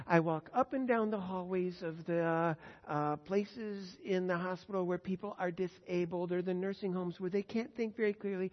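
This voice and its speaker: A man's voice: high voice, moderate pace, hardly any pauses. Older male preacher in a reverberant hall. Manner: earnest, swelling to loud emphasis on key words. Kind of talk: sermon. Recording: dull long-reverb hall sound.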